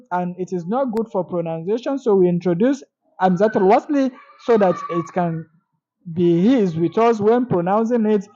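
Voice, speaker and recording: Woman, Arabic grammar teacher, patient and repetitive, warm mellow tone. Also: mid-range voice, lo-fi sound. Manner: slow, repeats each example with translation. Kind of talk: explaining grammar lesson.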